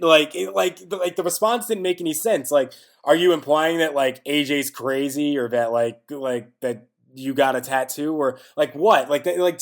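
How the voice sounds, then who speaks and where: A man's voice: on the high side, moderate pace. A man hosting a casual wrestling review, rambling with lots of filler words and growing exasperated. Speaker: wrestling podcast host.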